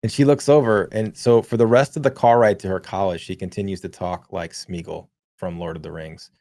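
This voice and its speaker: Speaking a little fast in a low-pitched, mellow voice with a steady tone, this podcast co-host in his thirties tells a lengthy story. He's casual and meandering, cursing often and filling in with lots of verbal fillers.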